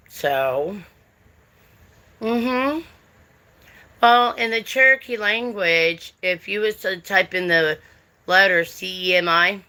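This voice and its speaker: Chatty and drawling, a middle-aged woman from the United States greets viewers by name during her casual livestream. Her fairly low voice sounds pushed and bright.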